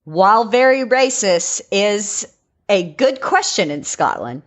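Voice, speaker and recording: A woman's voice: medium pitch, expressive, slow. A woman hosting a casual comedy chat who giggles often and reads texts and quotes aloud. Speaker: podcast host.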